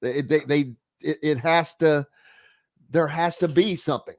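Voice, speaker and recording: A man hosting a casual sports radio talk show, halting and restarting often. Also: on the high side.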